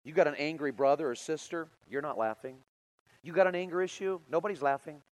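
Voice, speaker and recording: Middle-aged male preacher, lively storyteller, higher voice, big loud-soft swings. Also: fairly quick, low-quality recording. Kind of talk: sermon.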